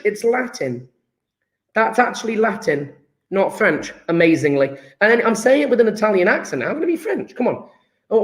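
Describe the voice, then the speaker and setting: Excitable chatty male teacher. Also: high-pitched. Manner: chatty, self-mocking, excitable asides. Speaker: chemistry teacher. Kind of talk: live online class lesson.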